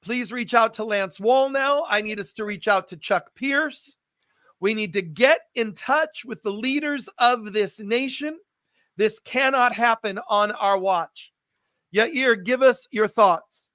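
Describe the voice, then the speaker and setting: A man's voice: high-pitched, slow, sharp tone, no room sound. A man hosting a live stream, making an urgent, pleading appeal and repeating calls to action.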